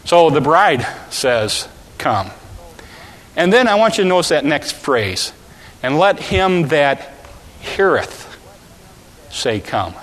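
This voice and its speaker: A male preacher tells a story in a sermon and shouts out the characters' calls with volunteers beside him. His voice is bright and forceful and sits a little high. It rings with the long reverb of a large hall. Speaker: pastor.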